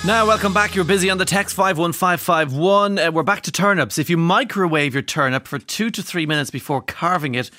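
A man's voice: high-pitched, brisk, hardly any pauses, sharp tone, no room sound, soft background music. An Irish man presenting a radio show from a studio, chatting casually with rambling asides and self-deprecating humour while reading out listener texts. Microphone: studio microphone.

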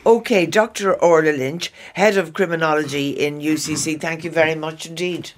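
A man's voice: on the high side, fairly even intonation, normal speed, soft background music. A man hosting a radio panel discussion, conversational, with stumbling restarts. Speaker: radio host.

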